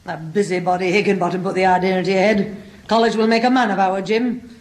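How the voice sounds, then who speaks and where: A woman's voice: mid-range voice, fairly even intonation, fast, lightly acted. A woman playing a fussing, doting mother who soothes her family, in a 1960s radio comedy.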